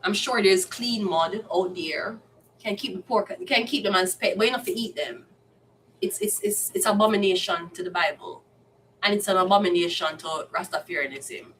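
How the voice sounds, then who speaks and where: A woman's voice: mid-range voice, expressive, moderate pace, fairly bright tone. A woman with a Jamaican accent, a tarot card reader, ranting bluntly and with lots of swearing in a casual monologue. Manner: blunt, profane, heated. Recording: distant mic, faint background noise.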